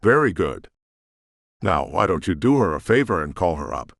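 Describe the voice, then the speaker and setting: A man's voice: sits low, very animated, moderate pace, creaky, no room sound, clean studio sound, heavily acted. A man voicing a charming male pirate leader who issues polite threats. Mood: menacing, polite.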